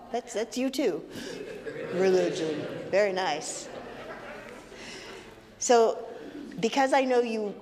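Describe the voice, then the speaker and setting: A playful woman with a lively, bouncing pitch leads a children's message, drawing her words out slowly and teasingly. Her voice rings through a large sanctuary with a long reverb tail and faint room noise behind it. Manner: playful, teasing, sing-song, animated with children. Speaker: minister leading a children's story time. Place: sanctuary of a congregation.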